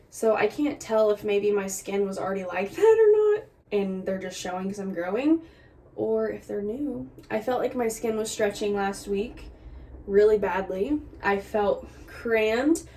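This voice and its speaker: Young woman, casual vlog chat, candid and chatty, slightly high pitch, a little out of breath, camera on a tripod. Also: dark tone. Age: young adult. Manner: chatty, candid, laughs through complaints. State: short of breath. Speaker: vlogger. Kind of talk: casual pregnancy update vlog. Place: indoors at home.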